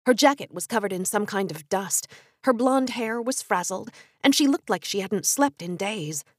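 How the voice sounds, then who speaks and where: A young adult woman telling a first-person story with expressive storytelling narration. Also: mid-range voice, normal speed, no room sound, clean studio sound.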